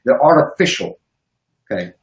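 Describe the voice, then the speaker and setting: A man's voice: medium pitch, big pitch swings, moderate pace. A man speaking as a guest on a video call, explaining emphatically, repeating words and checking in with "okay?". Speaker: guest economist. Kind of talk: animated explanatory talk. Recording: echoey room.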